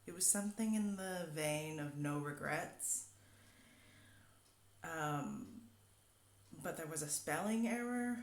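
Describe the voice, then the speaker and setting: A young woman tells a story in a loose, rambling way, full of fillers. Her voice sits on the low side. The sound is roomy and echoey. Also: slow pace, long pauses. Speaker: vlogger. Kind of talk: casual storytelling. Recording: echoey room.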